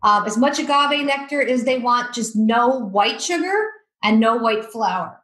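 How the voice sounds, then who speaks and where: A woman guest telling lively stories in a podcast interview, acting out the quotes. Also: on the high side, measured pace, reverberant, rough recording. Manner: lively storyteller, acts out quotes. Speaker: guest, addiction coach.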